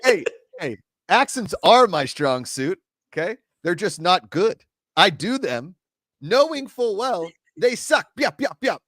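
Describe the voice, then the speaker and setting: A man hosting a casual talk show, animated and joking, with quick reactions. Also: high voice, no echo, clean studio sound. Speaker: host. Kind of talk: casual chat.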